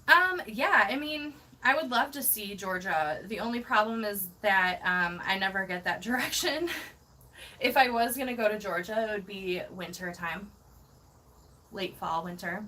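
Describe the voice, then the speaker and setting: Bright-voiced gushing woman vlogger. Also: medium pitch, moderate pace, low-quality recording. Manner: gushing, excitable, laughs often. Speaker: van-life livestream host. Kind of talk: casual livestream chat reading comments.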